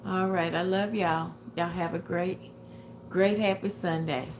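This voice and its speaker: A woman's voice: on the low side, fairly even intonation, measured pace, background noise. An older woman chatting casually with viewers on a livestream, a little tired and short of breath. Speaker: livestream host.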